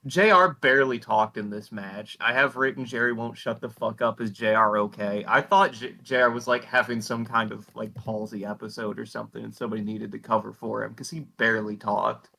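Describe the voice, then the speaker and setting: A man co-hosting a podcast, casually recapping a wrestling episode from his notes in a profane, deadpan way. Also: fairly low pitch, a little fast, gravelly, few pauses. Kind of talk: casual chat.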